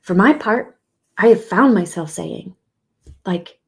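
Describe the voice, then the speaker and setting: Speaking slowly with a gravelly, mid-pitched voice, this middle-aged relationship coach delivers an animated motivational talk. Her manner is earnest and gentle, though she drops to a whisper and then bursts out with emphasis.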